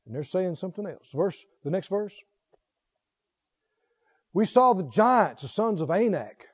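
High-voiced preacher, lively and calling out. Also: male voice, unhurried, breathy edge, muffled recording. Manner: calls out questions to the congregation, reads scripture aloud with rising fervor. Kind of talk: sermon.

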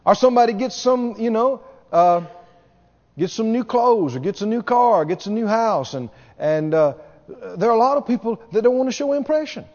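A man's voice: extremely high pitch, expressive, normal speed, a little mellow. A man preaching a sermon as a pastor, speaking emphatically, repeating key words and mimicking people with a laugh. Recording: dull reverberant hall recording.

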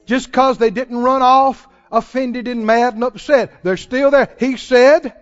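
A man preaching a sermon as a pastor, animated, laughing often and calling out to the congregation. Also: extremely high pitch, measured pace, few pauses, muffled recording.

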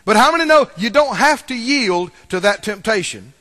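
A man's voice: high voice, animated, moderate pace, bright, forceful tone. A man preaching a sermon to a church congregation, emphatic and repetitive, drawing call-and-response from the room. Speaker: pastor. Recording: long hall reverb.

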